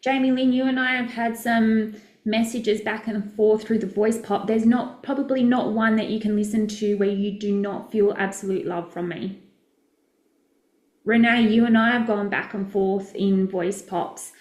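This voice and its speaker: Woman, business coach, live chat with viewers, effusive and rambling, mid-pitched voice, roomy echo. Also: steady tone, moderate pace, a little mellow. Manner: chatty, effusive, rambling with self-interruptions.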